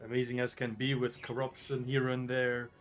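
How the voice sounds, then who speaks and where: A man's voice: mid-range voice, monotone, moderate pace, soft background music. A man playing a tabletop game, speaking hesitantly with ums, dry in tone. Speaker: player. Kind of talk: casual tabletop play.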